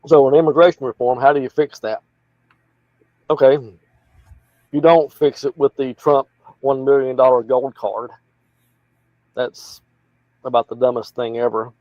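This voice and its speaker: A man's voice: medium pitch, fairly even intonation, unhurried, long pauses, no room sound. Appalachian male candidate, folksy and rambling, muffled dry recording. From North Carolina. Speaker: political candidate guest. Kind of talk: casual interview talk.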